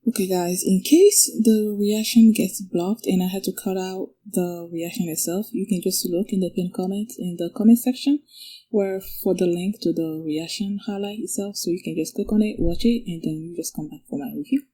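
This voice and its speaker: A woman hosting a channel, giving her viewers a relaxed, casual note. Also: mid-range voice, normal speed, husky, poor audio. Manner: relaxed, loosely explaining. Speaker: channel host.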